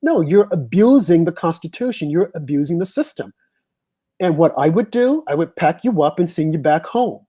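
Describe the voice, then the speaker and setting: A man's voice: on the high side, lively intonation, normal speed, mellow, breathy edge. An American man hosting a casual discussion, giving his views in an opinionated, emphatic way. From United States.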